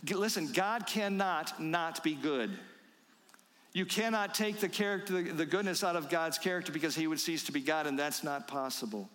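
A man's voice: a little high, a bit bright. Emphatic male preacher in a reverberant church. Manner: emphatic preaching with slow, stressed scripture quotes. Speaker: pastor. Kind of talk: sermon. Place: church sanctuary.

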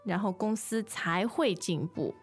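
A woman's voice: mid-range voice, measured pace, husky, soft background music. A woman co-hosting a bilingual podcast lesson as the teacher, patiently explaining meanings and readily agreeing with her co-host.

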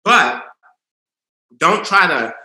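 A man preaching in an earnest sermon style, dropping to a hush for emphasis. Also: fairly high pitch, very animated, drawn-out words. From Southern US. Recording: roomy echo.

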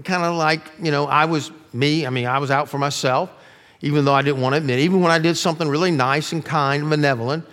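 A middle-aged male pastor preaching a sermon earnestly, dropping his voice low to stress key lines. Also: fairly bright tone. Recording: long reverb of a large room.

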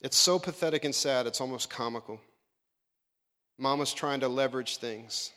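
A man preaching a lively sermon as pastor, acting out Bible characters in funny voices. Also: mid-range voice, normal speed, long reverb tail. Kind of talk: animated sermon.

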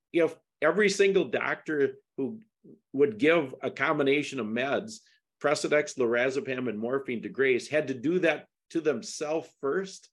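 A middle-aged man with a medium-pitched voice talks at a moderate pace about a legal case. He's a guest on a podcast, and the casual interview finds him emphatic, eventually asking indignant questions.

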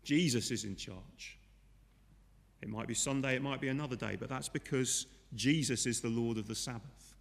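In a large hall, a man with a medium-pitched, creaky voice preaches a sermon at moderate pace. He keeps it conversational in church, often putting rhetorical questions to his listeners.

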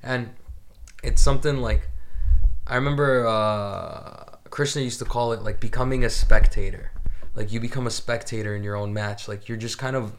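A man's voice: mid-range voice, steady tone, normal speed. A man in casual chat giving grappling advice with lots of filler words, and joking at times. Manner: filler-heavy, coaching tone, jokey.

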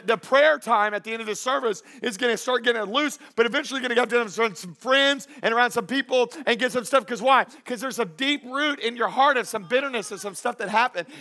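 A man preaching a sermon with a high voice. He talks in an animated, joking way and acts out the voices of the people he quotes. He sounds like a pastor speaking to his congregation.

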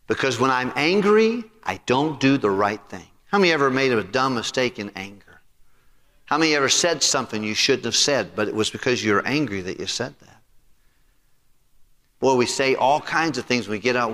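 Pastor, male, forceful bright tone, preaching sermon with call-and-response questions, church hall reverb. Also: mid-range voice. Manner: preaching with rising emphasis and congregational questions. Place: church sanctuary.

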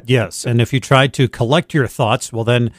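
Male radio producer, mid-pitched, relaxed sidekick voice, dry studio sound. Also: normal speed, dry recording. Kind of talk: casual radio talk. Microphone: studio mic.

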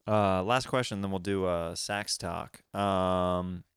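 A man's voice: sits low, slow pace, smooth, no room sound, clean studio sound. A man co-hosting a podcast and telling stories in casual chat, with lots of fillers and laughter. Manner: laughing, animated storytelling with many fillers. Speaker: podcast co-host.

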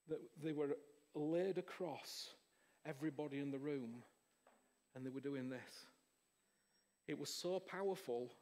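A man, preaching an informal charismatic sermon in an excitable, rambling way. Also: a little high.

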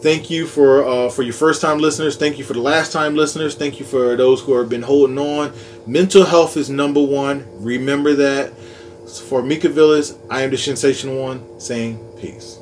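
A man's voice: mid-range voice, steady tone, slight background noise. Upbeat joking male podcast host. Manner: upbeat, jokey, spells out handles slowly. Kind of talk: casual podcast chat.

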